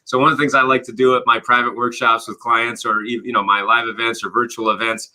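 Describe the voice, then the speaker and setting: Bright-voiced man explaining his method. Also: mid-range voice, quick pace. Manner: animated, explains with acted-out quotes and rhetorical questions; frequent "you know" and "right?" fillers. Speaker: guest, business coach and author. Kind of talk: conversational interview.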